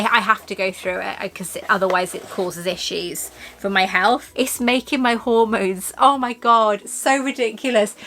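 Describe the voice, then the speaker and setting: A woman's voice: mid-range voice, pushed and bright, slight background noise. A woman from the UK chatting casually in a haul vlog, gushing and rambling and laughing often. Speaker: vlogger.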